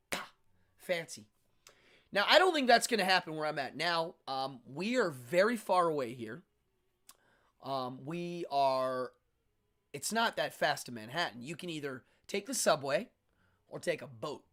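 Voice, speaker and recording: A man's voice: a little high, a bit bright. A middle-aged man hosting a casual talk show, rambling through chatty stories and acting out quotes. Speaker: host. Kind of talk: casual monologue.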